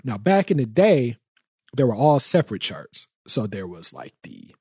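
A man hosts a casual podcast chat, slangy and teasing with his co-hosts. His voice sits at an ordinary pitch and is recorded close and dry. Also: big pitch swings, normal speed, dark tone, breathy edge, no echo. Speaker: podcast host.

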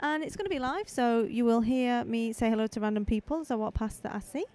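Chatty high-voiced woman podcast host. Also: fast, mellow, a little hiss or hum. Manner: chatty, rambling, friendly asides. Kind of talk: casual live walkabout podcast. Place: outdoor festival stalls. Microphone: handheld microphone.

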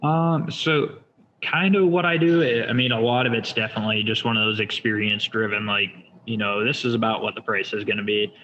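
A man with a low, bright-edged voice walks through his shop's software, speaking in a flat, even tone. He explains step by step, leaning on fillers. The recording is dull and lo-fi with a faint hiss. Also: fairly quick. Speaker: shop owner demonstrating software. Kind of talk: casual screen-share demo.

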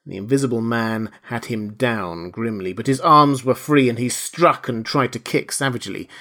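A man narrating a classic novel aloud, measured and letting his voice fall quietly at the end of each phrase. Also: mid-range voice. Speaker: audiobook narrator. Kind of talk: scripted narration.

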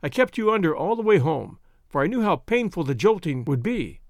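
A man reading the lines of a calm, capable woman doctor in a storybook, speaking in a soothing, measured way. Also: on the high side, no echo, studio quality.

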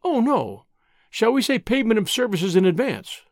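A man's voice: high-pitched, big pitch swings, moderate pace, no echo. A cheeky young woman speaks in a sweet, coy tone with a lilting lift. A man puts her on while reading a storybook aloud. The recording is dry and close.

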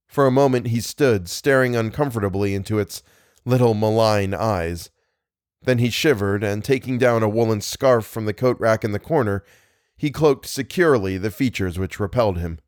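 A man's voice: fairly low pitch, no echo, studio quality. Man reading horror fiction aloud. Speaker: podcast narrator.

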